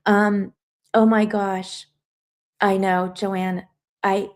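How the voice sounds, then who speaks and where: Reading viewer comments aloud while crying, a woman speaks earnestly to her livestream audience. Her mid-range voice is level and a little mellow, and she draws out her words.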